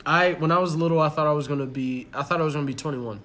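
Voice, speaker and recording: A man's voice: fairly high pitch, racing, a bit bright. Rambling, swearing young man chatting. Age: 20s. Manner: rambling, swears freely, many fillers. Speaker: podcast co-host. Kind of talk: casual chat.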